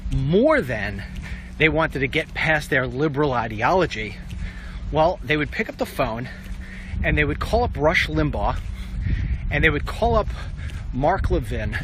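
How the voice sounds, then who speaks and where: A man's voice: on the high side, noisy background. A middle-aged man giving a rambling, emphatic walk-and-talk monologue outdoors as an online commentator. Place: outdoors, walking.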